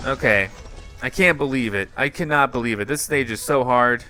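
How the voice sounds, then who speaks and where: A man, a YouTuber, giving excited commentary as he plays a game and often yells at it. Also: medium pitch, moderate pace, soft background music. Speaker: YouTuber reacting to videos.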